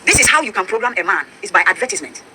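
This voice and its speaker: A woman's voice: medium pitch, big pitch swings, racing, background noise. A Ghanaian woman pastor with a Ghanaian accent, preaching emphatically and mixing English with Twi. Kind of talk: preaching talk-show discussion.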